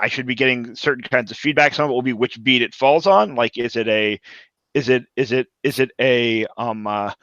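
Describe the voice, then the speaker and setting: Player, male, mid-pitched, stop-start delivery, muffled dry recording. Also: a bit bright, no room sound. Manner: halting, restarts often. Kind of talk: tabletop role-play.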